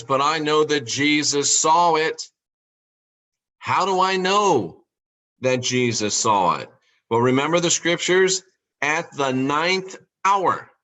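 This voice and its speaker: A man's voice: on the high side, sharp tone. Emphatic man asking rhetorical questions. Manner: slows and stresses key words. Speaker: podcast host. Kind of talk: monologue on scripture.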